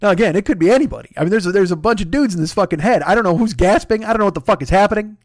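A podcast host, a man, telling a comic personal story in a profane, animated way, dropping to a hush for re-enactments and rising in exasperation. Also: high voice, racing, dry recording, studio quality. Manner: profane, animated, swings between hushed re-enactment and loud exasperation.

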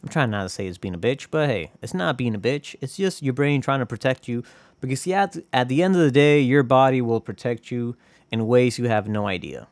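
A man's voice: mid-range voice, lively intonation, fairly quick, no room sound. A man hosting a casual solo podcast, rambling and profane, joking at his own expense. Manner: rambling, profane, self-deprecating. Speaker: podcast host.

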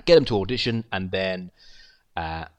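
Low-voiced man rambling through a tribute. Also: animated, normal speed. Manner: rambling storyteller, trails off softly. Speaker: creator of an online wrestling show. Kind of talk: casual spoken tribute.

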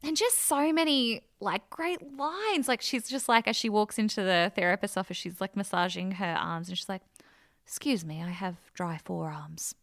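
A woman's voice: medium pitch, moderate pace, hardly any pauses, fairly bright tone, no echo, clean studio sound. A woman co-hosting a podcast in casual chat, retelling TV scenes and acting out the lines with frequent laughter. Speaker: podcast co-host. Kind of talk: casual chat reviewing a TV show.

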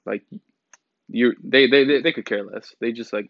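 A young man rants in a loose, casual commentary style, blunt and profane, with lots of "like" and "um" and mocking impressions of others. His voice sits at a middle pitch. The mic sounds dry and a little dull, with no room around it. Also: a little fast, creaky, no room sound. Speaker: commentary vlogger. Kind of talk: casual rant.

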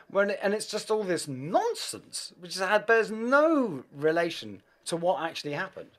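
A man, a guest musician, telling anecdotes in an animated, self-deprecating way, with plenty of swearing. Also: high voice. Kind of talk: anecdotal storytelling.

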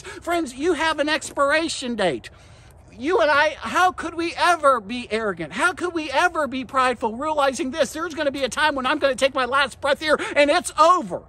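A man preaching a devotional podcast sermon, addressing his listeners directly as friends and guys, passionate and earnest, swinging between quiet, low stretches and loud, emphatic bursts. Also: expressive, normal speed. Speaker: pastor and podcast host.

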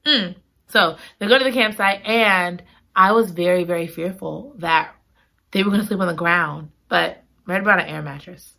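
A woman's voice: lowish voice, moderate pace, vocal fry, bright, forceful tone. A woman reviewing a romance novel in a casual, dramatic and gushing way. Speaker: book reviewer. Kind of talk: casual chat.

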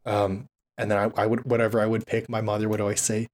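A man's voice: lowish voice, monotone, fast talker, slight background noise. A man in his twenties from the United States, talking in a loose, rambling way with lots of fillers and easy laughter. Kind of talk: casual chat.

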